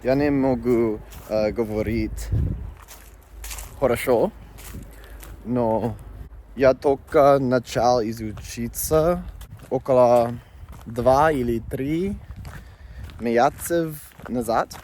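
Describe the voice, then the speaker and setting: A man's voice: medium pitch, slow, long pauses, darkish tone, slight background noise. A young man vlogging while hiking outdoors, chatting casually in a rambling, joking, candid way into a phone camera.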